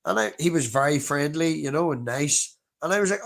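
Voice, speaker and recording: An Irish man on a livestream panel, chatting and telling stories in a profane, animated way. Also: fairly high pitch, fairly quick, gravelly. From Ireland. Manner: profane, animated, talks over others. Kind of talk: casual chat and storytelling.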